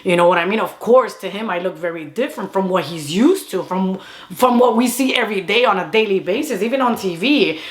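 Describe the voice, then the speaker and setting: Fast-talking young woman telling a story. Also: medium pitch. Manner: fast, animated, mixing Spanish phrases. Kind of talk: casual storytime.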